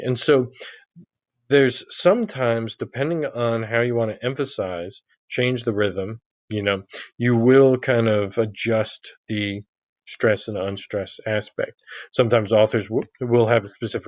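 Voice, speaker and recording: A man lecturing on literature in a relaxed, conversational way, peppering his explanations with "you know". His voice sits at an ordinary middle pitch and sounds dry and close, with no room echo. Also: measured pace. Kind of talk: recorded online lecture.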